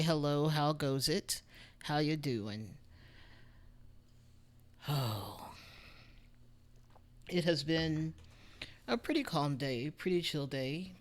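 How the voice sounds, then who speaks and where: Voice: mid-range voice, expressive, takes it slowly, pauses often. Texan streamer just chatting at a desk mic, rambly, says hi to everyone in chat. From Texas. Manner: rambling, chatty, greets viewers by name. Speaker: music streamer. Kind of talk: casual livestream chat. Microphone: desk microphone.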